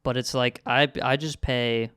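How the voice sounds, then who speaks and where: A man's voice: medium pitch, fairly even intonation, unhurried, fairly bright tone, clear, resonant tone, no echo. A young man co-hosting a podcast in laid-back casual chat, with dry humor and frequent laughter. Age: young adult. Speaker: podcast co-host.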